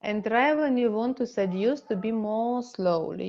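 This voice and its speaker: A middle-aged woman with a Russian accent teaching an online relationship seminar in slow, halting, non-native English. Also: fairly high pitch, darkish tone, lo-fi sound. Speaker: relationship coach.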